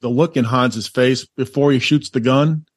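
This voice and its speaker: A man's voice: medium pitch, normal speed, breathy edge, no room sound, studio quality. A male podcast co-host in casual movie chat, rambling and laughing easily.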